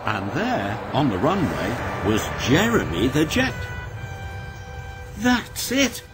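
Brief: male storybook narrator, slow and sing-song, music bed behind. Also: medium pitch. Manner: sing-song, expressive reading.

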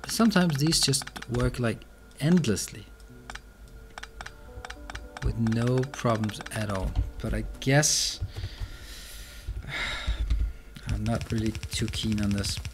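A man's voice: lowish voice, unhurried, gravelly, music in the background. A man commenting on his own gameplay, muttering to himself and swearing when things go wrong. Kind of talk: let's play commentary. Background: keyboard and mouse clicks.

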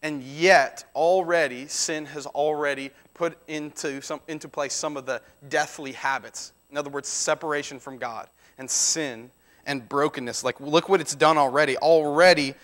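A man's voice: on the high side, steady tone, moderate pace, pushed and bright. A man in his thirties preaching a sermon as pastor, in a conversational way with frequent restarts and asides.

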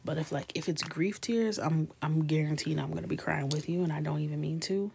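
Speaking briskly in a low-pitched voice with vocal fry, a thirty-something woman runs a live coloring stream. She's soft-spoken, chatting casually, laughing with viewers, and often dropping to a whisper, with slight noise in the background.

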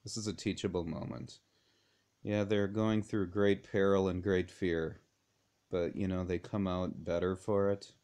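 A man giving an informal Bible lesson in a conversational way, chuckling often and pausing with fillers and restarts. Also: low voice, level tone, darkish tone, clear, resonant tone. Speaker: Bible study teacher.

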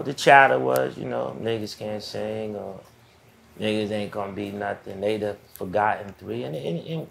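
Guest, man in his fifties from the Boston area, gravelly and lowish, relaxed storyteller, faint room noise. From United States (Boston area). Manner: laid-back, reflective, trailing phrases. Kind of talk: casual storytelling.

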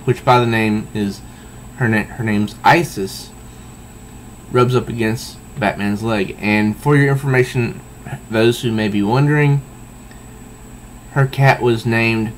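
A man casually reading a comic book aloud and commenting on it, with halting asides. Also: on the low side, a little hiss or hum.

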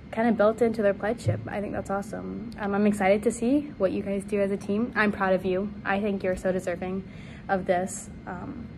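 An earnest young woman praises a friend with halting pauses and fillers. Her mid-range voice comes through a noisy amateur recording. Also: medium pitch. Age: young adult. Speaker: fraternity sister announcing an award. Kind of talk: spoken tribute message.

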